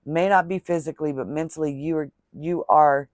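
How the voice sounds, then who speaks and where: A fairly high-pitched man talks a little fast in a studio-quality recording without echo. As a crochet vlogger chatting to camera, he rambles from the heart and thanks viewers with religious blessings.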